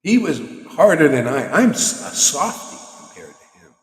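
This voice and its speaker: A man's voice: a little high, very animated, normal speed. A man hosting a devotional livestream who preaches in a casual, slangy, teasing way and laughs often. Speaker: spiritual teacher hosting a chanting session.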